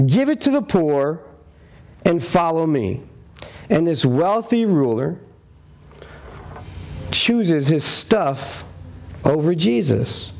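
A man delivers a sermon as animated storytelling, slipping into character for each quoted line. His voice sits a little high and swoops widely in pitch, with a gravelly edge. He takes his time over the words. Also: slow, long pauses. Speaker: preacher.

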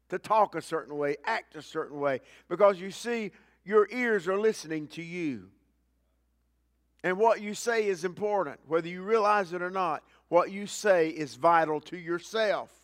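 Male pastor, high-pitched, preaching a sermon; loud emphasis alternating with hushed lines, lots of repetition. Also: dry recording, studio quality. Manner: preaching with swings between loud emphasis and low quiet asides; repeats key lines for emphasis.

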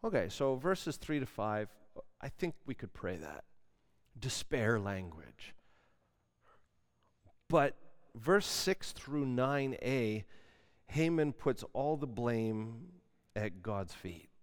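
A man preaching a sermon, dramatic, moving between loud emphasis and hushed asides. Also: medium pitch, very animated, takes it slowly. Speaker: pastor.

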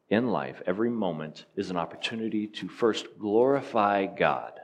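Man, very low voice, sermon, earnest and emphatic, rhetorical questions. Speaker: preacher.

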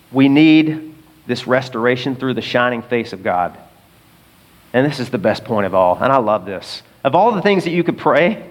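A man preaching a sermon as pastor, emphatic, asking the congregation rhetorical questions and swinging between loud bursts and quiet asides. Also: a little high, expressive, moderate pace. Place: large auditorium. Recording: long hall reverb.

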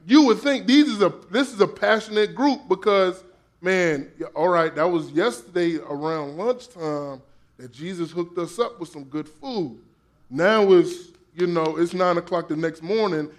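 A man preaching a sermon in a conversational, playful way, using slang and acting out quoted voices. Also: high-pitched. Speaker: pastor.

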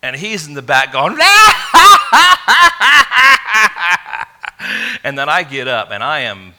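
A man from England, preaching a sermon in an animated, conversational storytelling way. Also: medium pitch, a little fast. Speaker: pastor.

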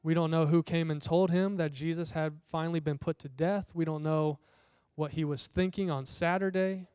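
A man with a high, smooth and resonant voice preaches a sermon. He tells the story conversationally and slips into the voices of the people in the passage. The sound is close and dry. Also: fairly even intonation, normal speed, darkish tone, no echo. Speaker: pastor.

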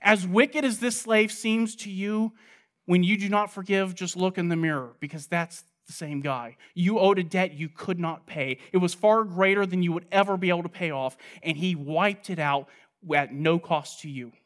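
In this expository sermon, a man works through questions he asks and answers himself, his delivery swinging from loud stress to hushed, low asides at a normal speed.

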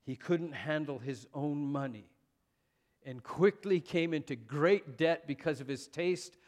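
A man's voice: on the high side, measured pace, a little mellow. A man preaching a sermon as pastor, conversational and self-deprecating, with frequent fillers.

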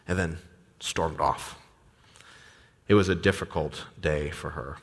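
A man's voice: a bass voice, fairly even intonation, slow pace, gravelly, long pauses. A man preaching a sermon as a pastor, talking conversationally with fillers and restarts. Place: church sanctuary. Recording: long church reverb.

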